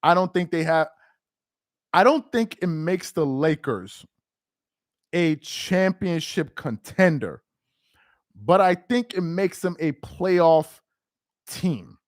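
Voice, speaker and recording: A young adult man talking casually on a live stream about basketball. He gets excited and laughs often, repeating himself. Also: fairly high pitch, slow, pauses often, no echo, clean studio sound.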